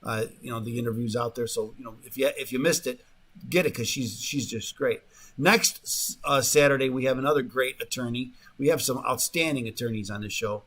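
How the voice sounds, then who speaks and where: A man's voice: medium pitch, a little fast, fairly bright tone. A man hosting a talk radio show, rambling in a casual monologue full of fillers and restarts, sometimes mocking the voices of the people he quotes, in a radio studio.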